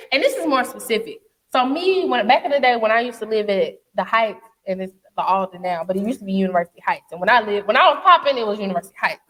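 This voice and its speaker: A woman's voice: a little high, long reverb tail. A young woman, co-hosting a podcast in casual chat, blunt and profane as she rants. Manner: blunt, profane, animated ranting. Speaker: podcast co-host.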